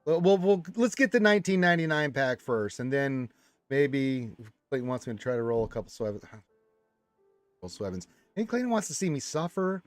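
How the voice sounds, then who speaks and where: A man's voice: medium pitch, big pitch swings, moderate pace, dry recording, soft background music. A man hosting a casual live stream, reading viewer comments aloud and chatting back from a room full of action figures.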